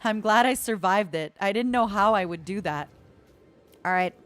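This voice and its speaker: A woman's voice: mid-range voice, moderate pace. A woman streamer giving playful, casual commentary as she plays a game, calling her viewers honey and darling.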